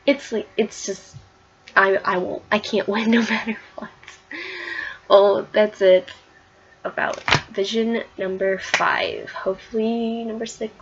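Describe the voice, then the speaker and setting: A woman's voice: medium pitch, steady tone, a little slow, dull audio, a little hiss or hum. A woman recapping a comic book issue in a casual vlog, rambling and gushing with lots of fillers and restarts.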